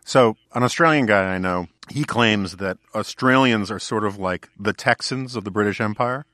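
A male podcast host asks questions in a casual, rambling way, full of uhs. His voice sits a little low, and the recording is dry and close with no room sound. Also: normal speed, bright, forceful tone, no echo. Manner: casual, conversational, filler-heavy questions. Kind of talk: podcast conversation.

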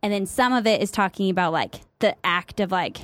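A woman's voice: mid-range voice, expressive, brisk, fairly bright tone, dry recording. A young woman co-hosting a casual podcast, chatty and full of fillers and laughs. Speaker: podcast co-host. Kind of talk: casual chat.

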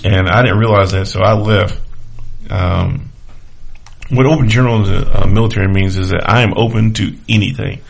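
Gravelly-voiced man telling profane stories. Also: fairly low pitch, steady tone, moderate pace. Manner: profane, laughing anecdotes with many fillers. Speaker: podcast host. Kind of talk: casual storytelling monologue.

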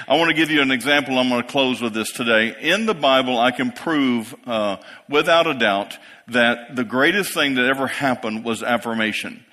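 A man's voice: medium pitch, normal speed, few pauses, bright, forceful tone. A man in his fifties preaching a sermon to a congregation in a church, building to emphatic peaks and checking in with the listeners. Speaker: pastor. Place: church sanctuary. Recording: long reverb of a large hall.

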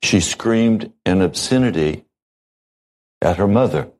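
A man delivering a sermon from the pulpit, in the unhurried, measured manner of a seasoned pastor. His voice sits a little low and he leaves deliberate pauses between short phrases. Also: lively intonation, darkish tone, low-quality recording.

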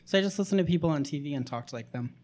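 A woman's voice: sits low, lively intonation, rapid-fire, darkish tone. A woman from the Southern US co-hosting a podcast, telling wry, joking stories in casual chat. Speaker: podcast co-host.

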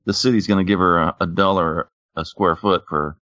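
A man co-hosting a podcast in casual chat, telling animated stories. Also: fairly quick, dry recording. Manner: animated storytelling, jumps up in pitch for quotes. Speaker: podcast co-host. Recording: dull dry lo-fi mic.

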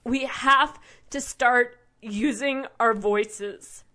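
A woman's voice: on the high side, extremely slow, pushed and bright. A woman delivering an impassioned, rambling monologue as a show host, indignant and profane, often restarting her sentences.

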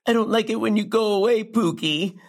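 A young woman playing a brash comic who delivers a rambling, sardonic, profane stand-up story with big leaps in pitch. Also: fairly quick, lightly acted. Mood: wry. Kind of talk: stand-up comedy monologue in a drama.

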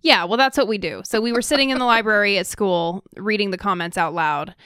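Smooth-voiced female podcast co-host. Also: mid-range voice, fairly quick, fairly bright tone, no room sound, clean studio sound. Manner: easygoing, laughing, teasing. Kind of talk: casual podcast chat.

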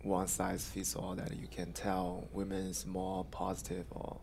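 Podcast guest: thirties man, Chinese accent, low gravelly voice, halting delivery. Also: completely flat delivery, darkish tone, a little hiss or hum. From China. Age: 30s. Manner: halting, plain phrasing with pauses. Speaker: guest, coach and police officer. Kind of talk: podcast interview.

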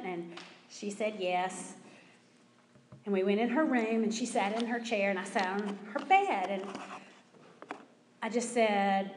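A woman's voice: mid-range voice, normal speed, pauses often, a little hiss or hum. Woman telling her testimony in a hall. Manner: animated storyteller acting out quotes. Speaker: church testimony speaker. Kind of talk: personal testimony. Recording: roomy hall with long reverb.

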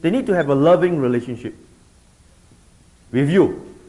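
A man's voice: fairly high pitch, moderate pace. A middle-aged man teaching a group about discipling, often checking in with his listeners. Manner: animated, keeps checking in with the audience. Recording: dull lo-fi recording.

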